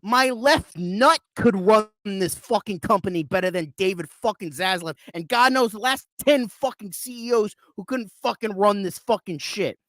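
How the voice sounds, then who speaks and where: A man's voice: sits high, no room sound. Man in a furious, profane rant. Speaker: movie reviewer. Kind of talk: live online panel talk.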